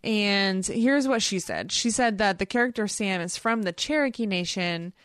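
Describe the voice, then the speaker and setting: A woman co-hosting a casual podcast chat, recapping plot in lively detail. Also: mid-range voice, moderate pace, clear, resonant tone, no room sound, studio quality. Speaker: podcast co-host.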